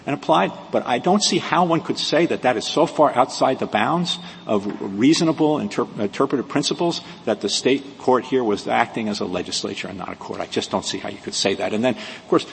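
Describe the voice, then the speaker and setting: A man arguing a case as an advocate in a courtroom, measured and precise, with frequent restarts. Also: medium pitch, gravelly. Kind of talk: courtroom oral argument. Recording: reverberant courtroom audio with faint hiss.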